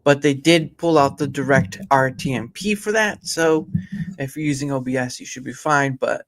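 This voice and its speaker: A man's voice: mid-range voice, normal speed, fairly bright tone, dry recording, studio quality. A man, a guest player chatting casually and joking on a gamebook livestream. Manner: joking, easygoing, talks tech. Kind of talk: casual chat while playing a gamebook.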